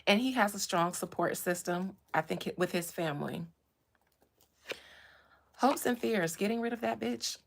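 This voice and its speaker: A woman hosting a casual chat about astrology and gossip, animated, swinging from low murmurs to loud bursts. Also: measured pace, gravelly, pauses often, a little hiss or hum. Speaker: host.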